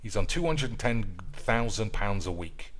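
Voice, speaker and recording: A man's voice: lowish voice, animated, moderate pace, fairly bright tone, a little hiss or hum. Crude sarcastic man playing a game. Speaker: gaming video host. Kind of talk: casual gameplay commentary.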